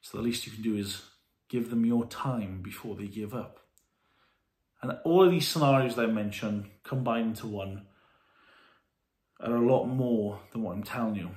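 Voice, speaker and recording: A man's voice: fairly low pitch, a little mellow. Earnest man with a roomy echo. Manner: earnest, halting, emotional. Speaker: vlogger. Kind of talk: candid talk to camera. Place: warm room indoors at home.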